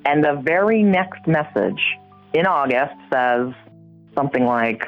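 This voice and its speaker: Middle-aged woman guest, lively storyteller who swings high on quoted reactions, tinny phone-like sound with faint music. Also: a little slow. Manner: animated, acts out her own reactions with big pitch jumps. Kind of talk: personal storytelling.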